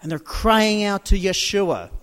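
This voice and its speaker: A man preaching a sermon, building dramatically from quiet storytelling to loud proclamations. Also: high voice, lively intonation, unhurried, smooth, in a large hall.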